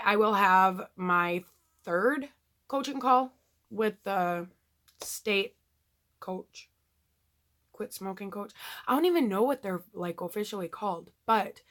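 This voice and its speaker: A woman's voice: mid-range voice, bright, forceful tone. A woman talking candidly in a casual video diary, rambling with lots of ums and you-knows. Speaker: vlogger.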